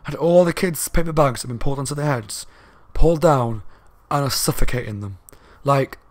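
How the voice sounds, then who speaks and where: A man talks his way through a book review in a casual, rambling manner, quick and loud. His voice sits at an ordinary middle pitch. The recording is dry and close, with little room sound. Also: no echo. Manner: fast and loud talker; rambling, with fillers and asides.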